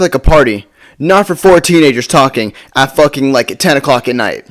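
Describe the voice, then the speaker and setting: Animated and mid-range, this male storytime vlogger speaks at a moderate pace. The story wanders, he keeps stammering and restarting, and casual swearing slips in.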